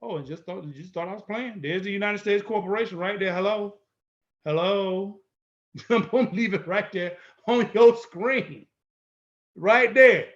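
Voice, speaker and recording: High-voiced guy lecturing hard, keeps repeating himself, kinda muffled lo-fi audio. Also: moderate pace. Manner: emphatic, repetitive, bold and confrontational. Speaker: instructor. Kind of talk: lecture-style video walkthrough.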